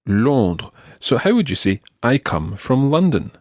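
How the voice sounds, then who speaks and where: A Scottish man teaching a language lesson, patiently modelling phrases slowly for the learner to repeat. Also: mid-range voice, very animated, darkish tone, no echo, clean studio sound. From Scotland. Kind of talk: slow, clear language lesson.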